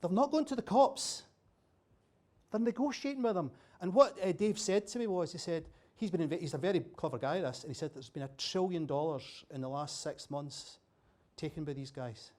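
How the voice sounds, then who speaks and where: A man's voice: on the high side, moderate pace, darkish tone. A man giving an after-dinner talk at a dinner event, chatty and self-deprecating, often restarting his sentences. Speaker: dinner speaker.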